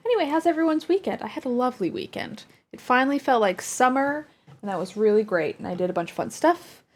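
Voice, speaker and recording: A woman's voice: high voice, expressive, quick pace, breathy edge. A woman from the United States streaming, chatting casually with her viewers and cooing at her dog between topics. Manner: chatty, talks baby talk to her dog.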